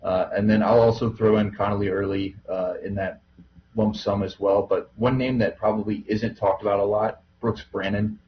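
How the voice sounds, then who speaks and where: A man with a lowish voice chats easygoingly on a podcast, dropping plenty of fillers as he goes. The recording is dull and lo-fi, with faint background noise. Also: level tone, moderate pace. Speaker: podcast co-host, minor league broadcaster. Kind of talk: casual podcast chat.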